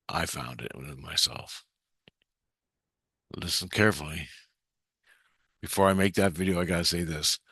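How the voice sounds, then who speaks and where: A man's voice: sits low, normal speed, pauses often, pushed and bright, slightly rough, no echo, clean studio sound. A man rambling through a profane, intense monologue about his spiritual experiences.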